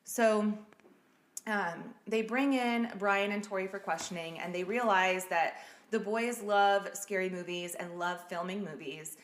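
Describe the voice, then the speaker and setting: A woman's voice: medium pitch, fairly even intonation, measured pace. A woman hosting a podcast, telling a true-crime case in a casual, blunt way and swearing freely. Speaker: podcast host. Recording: echoey room.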